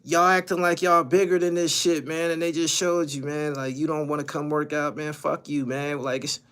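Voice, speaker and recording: A man's voice: fairly high pitch, little pitch movement, normal speed, fairly bright tone, clean tone. A man hosting a livestream, giving profane, ranting commentary and repeating his lines for emphasis. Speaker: channel host.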